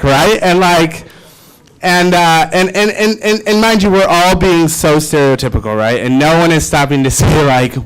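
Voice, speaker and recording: A man in his twenties giving a keynote speech, telling a personal story in a lively way with many fillers and restarts. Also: on the high side, moderate pace, clear, resonant tone, rough recording. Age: 20s. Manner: animated, filler-heavy, self-deprecating. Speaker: keynote speaker.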